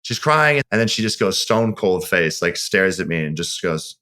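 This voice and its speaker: A man's voice: sits low, big pitch swings, normal speed, pushed and bright. A man, a podcast guest, telling a personal story in a candid, rambling way, often restarting his sentences. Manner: candid, rambling, self-correcting. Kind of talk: casual storytelling.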